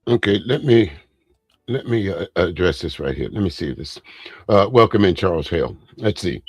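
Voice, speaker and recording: A man's voice: low voice, animated, normal speed, slightly rough, dry recording. A man hosting a casual live commentary, blunt and profane, stammering as he reads viewer comments aloud. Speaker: host reacting to a speech and viewer comments.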